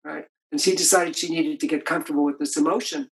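An older author being interviewed talks fast in a fairly high, steady voice with vocal fry, reflecting on his marriage through anecdotes full of restarts. It's a rough recording of conversational storytelling.

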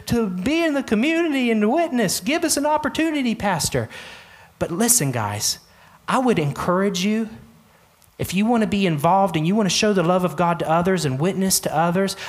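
A pastor preaching an earnest sermon, addressing the congregation directly and repeating key phrases for emphasis. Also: medium pitch.

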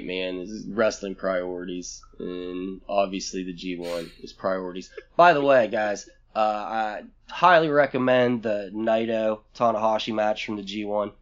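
A man's voice: lowish voice, highs cut off. A man co-hosting a casual podcast chat, blunt and profane, rambling from one thought to the next. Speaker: podcast co-host.

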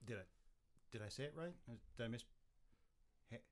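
A man's voice: medium pitch, fairly quick. A man playing a tabletop game, cocky and joking as he speaks for his character. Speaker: player. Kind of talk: tabletop role-play.

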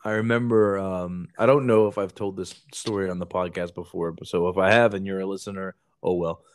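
Young male podcast host with a slightly low voice, animated storyteller who mimics others; dry, close recording. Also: brisk, no room sound. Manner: animated, swearing, acts out quotes in raised voices. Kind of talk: casual storytelling.

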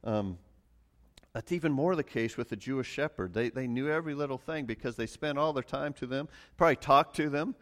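A middle-aged man preaching a relaxed sermon, mixing farm stories with scripture in a conversational, self-deprecating way. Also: medium pitch, a little fast. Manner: conversational, many restarts and fillers, chuckles at himself. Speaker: pastor. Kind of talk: casual sermon with personal stories.

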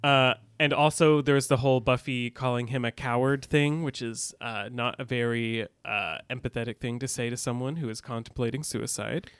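A man's voice: medium pitch, steady tone, moderate pace, hardly any pauses, a bit bright, clean tone, no echo. A man co-hosting a podcast, recounting scenes casually and reading out dialogue with a bit of drama. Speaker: podcast co-host. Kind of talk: casual recap chat.

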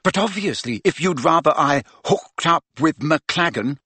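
A man voicing a bossy, clever teenage girl who talks in a brisk, insistent way. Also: fairly high pitch, expressive, bright, forceful tone, breathy edge, no room sound, voice pushed up, heavily acted. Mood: huffy.

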